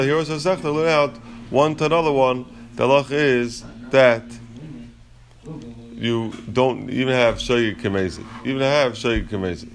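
A man teaching a Talmud study class, reasoning aloud and asking questions, mixing Hebrew and Yiddish terms into his English. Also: mid-range voice.

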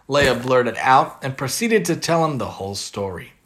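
A man's voice: medium pitch, lively intonation, normal speed, a bit bright, a little hiss or hum. A man earnestly giving a religious moral lesson and reading a story aloud. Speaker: religious teacher.

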